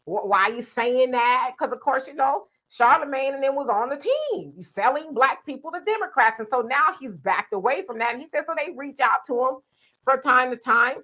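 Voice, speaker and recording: A woman hosting a live stream, talking through the news in a casual, conversational way with lots of fillers and quick asides. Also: high voice, sharp tone. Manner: conversational, many fillers, quotes others in asides. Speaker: host. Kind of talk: casual political commentary.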